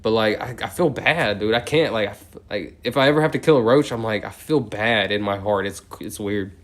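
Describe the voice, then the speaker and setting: A man livestreaming as he counts out loud without a break, now and then drifting off into rambling chat full of "like". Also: lowish voice, brisk.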